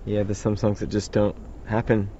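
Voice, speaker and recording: A man, a musician guest in a radio interview, telling relaxed, joking stories. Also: on the low side, moderate pace, a little hiss or hum. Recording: slightly muffled radio recording.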